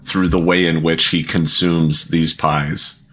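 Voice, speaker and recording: A man's voice: a bass voice, little pitch movement, slow pace, fairly bright tone. A man playing a tabletop game, joking in a hammy, theatrical way. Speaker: player. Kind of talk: casual table talk.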